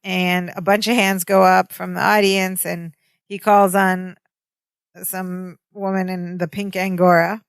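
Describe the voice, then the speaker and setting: A woman's voice: on the low side, level tone, measured pace, clean tone, dry recording. A woman co-hosting a podcast, casually recapping a sitcom episode and retelling scenes line by line. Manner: chatty, retells scenes with quoted lines. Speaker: podcast co-host.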